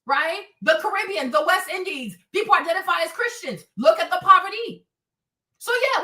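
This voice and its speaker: A woman's voice: extremely high pitch, bright, forceful tone, reverberant, far from the mic. A woman hosting a livestream, talking in an emphatic, repetitive, preachy way. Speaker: livestream host. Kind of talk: preachy casual livestream talk.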